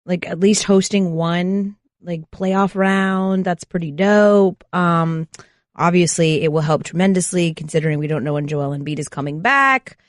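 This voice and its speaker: Woman co-host on sports radio, lively and teasing, dry studio mic. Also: fairly low pitch, normal speed, dry recording. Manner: animated, teasing.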